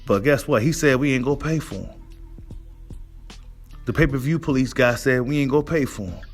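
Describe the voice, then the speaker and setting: A man's voice: medium pitch, a little fast, soft background music. A man hosting a boxing monologue, ranting in a heated, profane way and asking his audience "right?" again and again. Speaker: boxing commentary host. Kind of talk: casual rant monologue.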